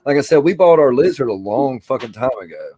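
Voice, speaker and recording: A man's voice: medium pitch, lively intonation, fairly quick, warm tone, breathy edge, dry recording, low-quality recording. A stoned man from Alabama, rambling and swearing through a casual podcast chat. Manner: rambling, profane, laid-back storytelling. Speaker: podcast co-host.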